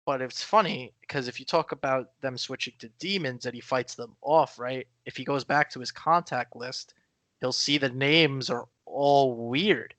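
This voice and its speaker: A man's voice: mid-range voice, a little slow, fairly bright tone, no echo. A man co-hosting a podcast in casual chat, rambling with many fillers and restarts. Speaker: podcast co-host.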